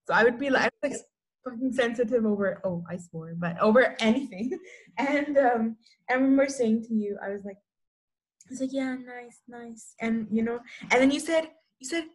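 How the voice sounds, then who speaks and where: Young woman co-host, higher register, rambling casual storyteller who laughs often. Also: moderate pace. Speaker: podcast co-host. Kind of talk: casual chat.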